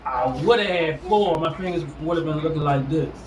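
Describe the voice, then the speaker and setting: A man's voice: on the high side, fairly quick. Laid-back man in an echoey room. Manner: laid-back, backs the other speaker with frequent "right, right". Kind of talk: casual storytelling chat. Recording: echoey room with noticeable background hiss.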